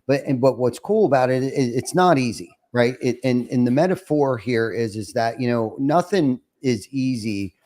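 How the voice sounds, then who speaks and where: A man's voice: mid-range voice, moderate pace, few pauses, darkish tone. A man hosting a podcast, talking in a reflective way and often restarting his sentences. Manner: reflective, many restarts and fillers. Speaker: podcast host. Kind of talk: casual interview chat.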